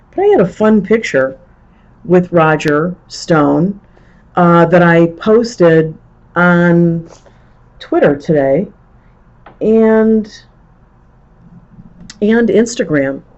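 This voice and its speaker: A middle-aged woman hosts her own live stream, ranting with exasperation and rambling through restarts. Her voice sits at an ordinary pitch for a woman. The audio is a bit muffled and lo-fi. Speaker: show host. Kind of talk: live-stream political commentary.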